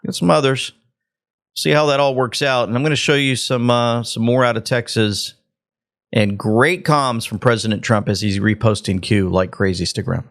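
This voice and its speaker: A man's voice: mid-range voice, fairly even intonation, normal speed, fairly bright tone. A man hosting a political commentary show, reacting to clips in a sarcastic, mocking way. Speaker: show host.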